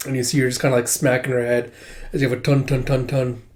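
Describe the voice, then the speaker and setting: A young man casually reading through a manga and commenting, chatty and quick to laugh. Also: mid-range voice, flat delivery, a little mellow. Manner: chatty, laughs often, says 'he's like' a lot. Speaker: manga reader. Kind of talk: casual read-along commentary.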